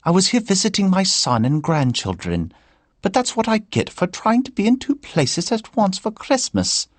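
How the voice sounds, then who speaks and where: A man's voice: sits high, sing-song, normal speed, dry recording, pitched above the performer's own voice. A man reading an audiobook and voicing a chatty older Irish grandmother with a lilting, friendly way of talking. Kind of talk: audiobook character voice.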